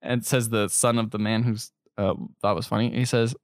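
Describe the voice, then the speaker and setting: A podcast co-host with a lowish voice talks at normal speed, casually recapping a movie and animatedly acting out characters' lines in mock voices. The audio is studio quality with no echo.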